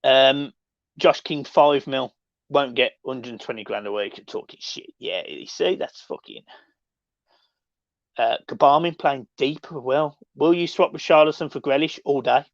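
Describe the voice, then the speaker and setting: A man hosting a casual live stream, reading and answering chat with sweary, excitable banter. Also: medium pitch, unhurried, vocal fry, dry recording. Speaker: livestream host reading chat. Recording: dull lo-fi dry sound.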